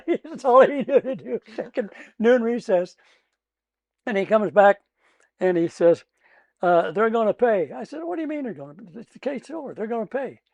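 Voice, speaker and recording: An older Midwestern American man spins courtroom stories with a higher voice than most men. He chuckles through his sentences and throws himself into reenacting his own outbursts. The sound is close and dry, with no room around it. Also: dry recording, muffled recording. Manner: animated storyteller who laughs often and acts out his own shouting. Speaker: retired trial lawyer guest. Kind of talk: casual storytelling interview.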